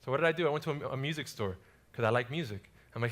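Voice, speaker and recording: A man's voice: mid-range voice, rapid-fire, a bit bright. A young adult man from South Florida preaching a casual sermon built on personal stories, with lots of energy and repeated words.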